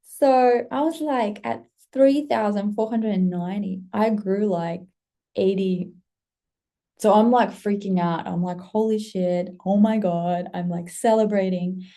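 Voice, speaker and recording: A young woman tells a story straight to camera in a relaxed vlog style. Her voice is mellow with a gravelly edge. She is animated and slips into quoted asides. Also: mid-range voice, unhurried. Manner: animated, swearing, acting out past excitement in quoted asides. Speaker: content creator.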